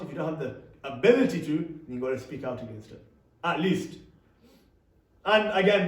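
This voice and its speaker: Young man, lively talk, echoey hall. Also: high voice, recorded from a distance. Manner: conversational, asks the audience questions. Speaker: speaker giving an Islamic youth talk. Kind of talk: interactive talk to a youth audience. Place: hall or classroom with a live audience. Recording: echoey room, speaker off-mic.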